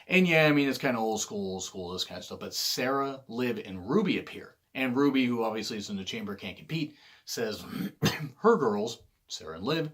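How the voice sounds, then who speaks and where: A man giving casual solo commentary on wrestling, rambling and correcting himself, often clearing his throat. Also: lowish voice, fairly bright tone.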